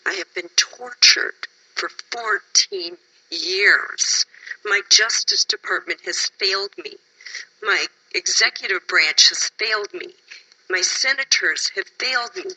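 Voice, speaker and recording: A woman from Wisconsin testifies at a public hearing, tired and emotional. Her voice is very bright but husky. She pleads with the panel and at times sinks to a whisper. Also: mid-range voice, lively intonation, slow pace, low-quality recording. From Wisconsin, USA.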